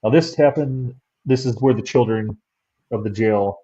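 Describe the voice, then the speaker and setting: A man's voice: mid-range voice, normal speed, mellow, breathy edge, dull audio. A man who investigates the paranormal, telling rambling stories as an interview guest. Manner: rambling storyteller. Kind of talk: casual interview chat.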